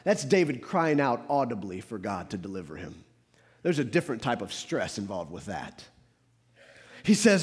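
A man preaching a sermon as a pastor, building to fervent emphasis and then dropping to hushed, quiet passages. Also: fairly low pitch, very animated, normal speed. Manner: rises to fervent emphasis, drops to hushed tones.

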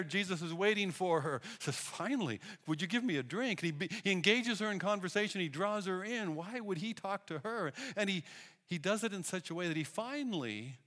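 A man preaching a sermon, telling Bible stories in an animated way and acting out the people he quotes. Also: fairly high pitch. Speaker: pastor. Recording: long hall reverb.

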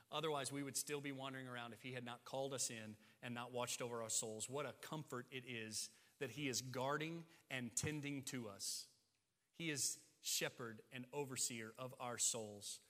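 A man's voice: mid-range voice, sharp tone, long reverb tail. A man preaching a sermon as a pastor, building intensity through emphatic repetition and rising phrases.

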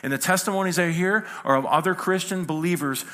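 A man preaching from the pulpit with a bright, forceful voice pitched a little high. He speaks in a chatty way, joking and acting out little exchanges. The sound is a sermon to a church congregation. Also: brisk. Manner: conversational preaching with acted quotes and humor. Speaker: pastor.

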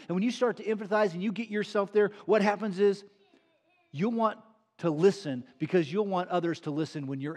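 A middle-aged man preaching a sermon, earnest and emphatic, repeating key phrases and drawing them out slowly. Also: sits high, darkish tone. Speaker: pastor.

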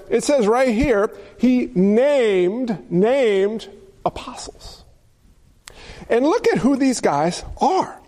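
Preaching a sermon, a pastor speaks in a notably high voice with a darkish tone. He keeps a playful streak, tossing jokey asides and rhetorical questions at his congregation.

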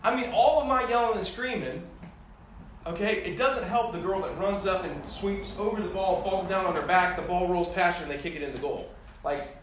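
A man preaching in a relaxed, conversational manner, poking fun at himself and livening up when he tells a story. His voice sits a bit high for a man. It is caught from some distance in a strongly echoing room with a faint hiss behind it. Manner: conversational, self-deprecating, animated when telling stories. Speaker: pastor. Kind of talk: sermon with personal stories. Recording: echoey room heard from a distance.

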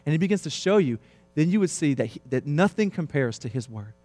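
A man in his thirties preaching a sermon, swinging between quiet, low stretches and loud, emphatic passages. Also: animated, brisk, dry recording, faint music behind. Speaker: pastor.

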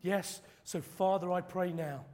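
A man preaching a sermon, telling stories dramatically and acting out quoted preachers in loud high bursts. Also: steady tone, a little slow, noisy background. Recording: long hall reverb.

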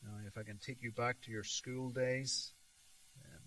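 Slow, emphatic male preacher. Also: medium pitch, steady tone, pushed and bright, rough recording. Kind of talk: sermon.

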